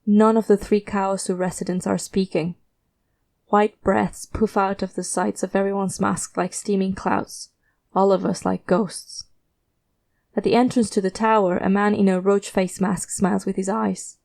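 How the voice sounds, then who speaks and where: Warm-voiced woman narrating a story. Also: mid-range voice, little pitch movement, measured pace, creaky. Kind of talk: scripted first-person fiction narration.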